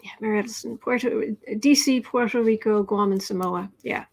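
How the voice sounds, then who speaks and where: Hosting a tarot livestream, this woman reads out viewer comments and chats in a relaxed way at a moderate pace. Her voice sits a little high. She's soft-spoken and coos to her cat between readings.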